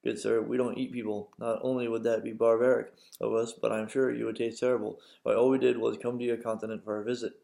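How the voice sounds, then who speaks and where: A man's voice: medium pitch, flat delivery, quick pace, gravelly, few pauses, dark tone, natural voice. A man voicing a small, polite male pterodactyl with a British accent, courteous and fussy, in a storybook read-aloud.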